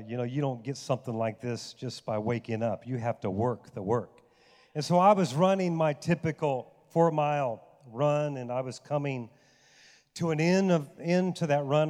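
A man's voice: mid-range voice, a little mellow. A male pastor preaching a sermon, telling a personal story and building to emphatic, raised passages. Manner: storytelling, rising to emphatic outbursts. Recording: long hall reverb.

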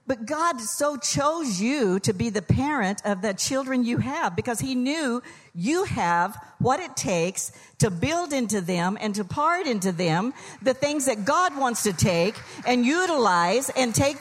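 A woman's voice: fairly high pitch, long reverb tail. An older woman, a pastor's wife's mother, giving a humorous Mother's Day sermon in church, telling jokes and stories in quoted voices. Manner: folksy, joking, storytelling with quoted voices. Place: church sanctuary.

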